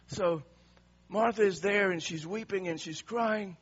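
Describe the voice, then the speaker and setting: A male pastor preaches with emphasis and asks his congregation the same question again and again. His voice sits high for a man and sounds sharp and husky. The recording has a slightly dull tone. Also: unhurried. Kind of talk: sermon.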